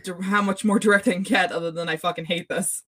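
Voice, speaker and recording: Low-voiced woman ranting casually. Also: steady tone, fast, fairly bright tone. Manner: profane, exasperated ranting with many restarts. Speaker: podcast co-host. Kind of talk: casual TV recap chat.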